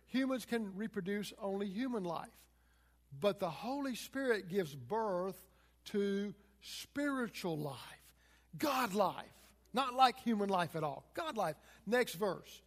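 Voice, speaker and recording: A man's voice: sits high, in a large hall. A man preaching a sermon, walking through scripture verse by verse and retelling it in plain, everyday words.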